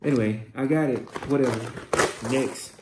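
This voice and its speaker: A man casually reviewing a shopping haul, excitable and exclaiming as he reads out labels. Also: mid-range voice, measured pace. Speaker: vlogger. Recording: echoey room with faint noise.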